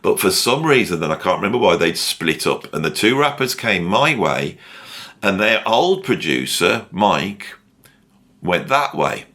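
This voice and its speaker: Low-pitched and sing-song, this middle-aged music commentator speaks a little slowly in a pushed, bright voice. He rambles through a casual ranked-list discussion, sharing strong opinions and frequent tangents.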